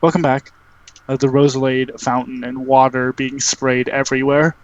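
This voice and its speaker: A man's voice: medium pitch, flat delivery, normal speed. Male GM, casual filler-heavy narration, dull voice-chat sound. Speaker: game master. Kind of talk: narrating a tabletop game over voice chat. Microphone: online call microphone. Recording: lo-fi voice call.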